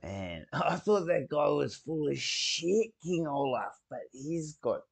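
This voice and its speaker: Male reaction host, gravelly and animated, swears freely, casual excitable commentary. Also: a little high, takes it slowly.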